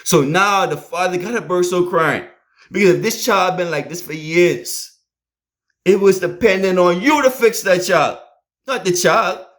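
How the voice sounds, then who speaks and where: A man's voice: high-pitched, moderate pace, fairly bright tone. Emphatic preacher man. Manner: emphatic, repetitive rallying phrases, storytelling. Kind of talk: sermon.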